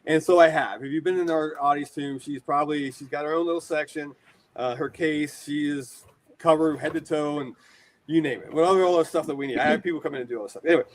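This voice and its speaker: A man in his forties from the United States, telling rambling, animated stories as a guest in a casual interview. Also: on the high side, fast talker. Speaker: guest, horror shop owner.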